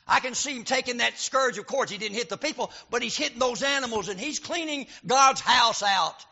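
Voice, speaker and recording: A male preacher giving a sermon, reading scripture and building to emphatic, shouted points. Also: extremely high pitch, brisk, gravelly, hardly any pauses. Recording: dull lo-fi recording.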